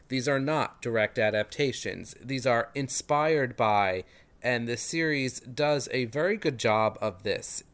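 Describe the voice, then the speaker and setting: A man's voice: mid-range voice, fairly bright tone. Man, 30s, casual review host; enthusiastic, chatty, pokes fun at himself. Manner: chatty, self-deprecating, enthusiastic.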